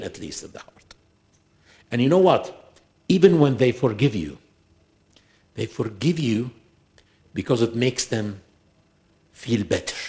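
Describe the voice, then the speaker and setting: Emphatic, animated male preacher in a mosque. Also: mid-range voice. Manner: emphatic, rhetorical questions, recites Quran verses quickly in Arabic. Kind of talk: sermon.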